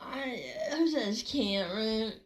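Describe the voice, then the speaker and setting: A woman streamer reacting to a video, talking casually with loud giggly exclamations and crude jokes. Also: a little high, slow, low-quality recording.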